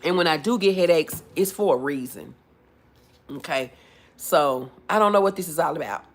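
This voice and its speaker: A woman's voice: deep voice, animated, moderate pace. A woman hosting a casual livestream, chatting with viewers in the comments and calling them boo and baby. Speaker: livestream host. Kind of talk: casual live chat reading comments.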